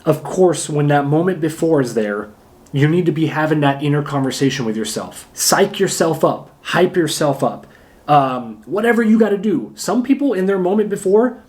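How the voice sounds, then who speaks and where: A man acting coach giving a casual lesson to camera, energetic and emphatic, often pausing to demonstrate. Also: a little high. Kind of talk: casual instructional talk to camera.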